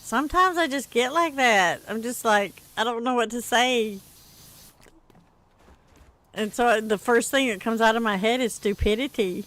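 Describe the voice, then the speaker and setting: A woman's voice: on the high side, measured pace, a bit bright. A middle-aged woman, chatting casually with viewers on a gaming livestream and laughing often as she tells a story.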